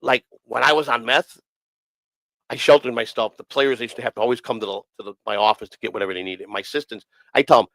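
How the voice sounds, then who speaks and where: A man's voice: mid-range voice, quick pace, fairly bright tone, dry recording, poor audio. A man casually telling rambling, profanity-heavy stories on a streamed talk show, often repeating himself. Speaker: podcast host. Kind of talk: casual storytelling.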